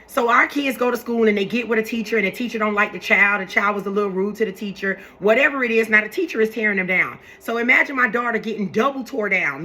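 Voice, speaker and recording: Bright-voiced woman chatting to viewers. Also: mid-range voice. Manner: animated, preachy, repeats herself. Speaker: vlogger talking to her viewers. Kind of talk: casual live chat to camera.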